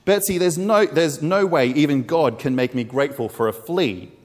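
A man's voice: medium pitch, expressive, moderate pace, natural voice. A man reading the lines of a frightened woman prisoner aloud in a reverberant hall. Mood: exasperated.

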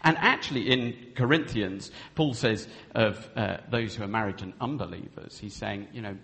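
A man with a lowish voice, vocal fry and a fairly bright tone preaches at a moderate pace in an echoing hall with long reverb. His sermon concerns marriage, and he speaks earnestly while acting out the vows in quoted speech.

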